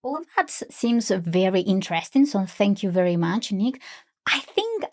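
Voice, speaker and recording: Woman co-host on an english podcast, thinks out loud, bit of vocal fry. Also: mid-range voice, big pitch swings, normal speed. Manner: curious, reasons aloud with frequent backchannels. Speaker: co-host and learner. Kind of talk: podcast lesson dialogue.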